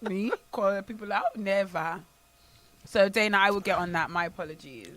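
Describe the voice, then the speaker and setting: A woman's voice: mid-range voice, moderate pace, fairly bright tone. A woman co-hosting a morning radio show in casual, chatty banter, teasing and full of joking asides. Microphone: studio microphone.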